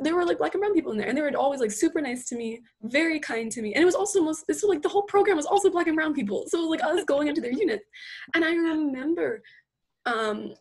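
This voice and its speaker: A woman in casual conversation, telling animated stories and acting out what people said, with lots of "like" in her speech. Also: sits high. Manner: animated storytelling, many "like"s, acts out quotes. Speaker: guest. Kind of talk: casual chat.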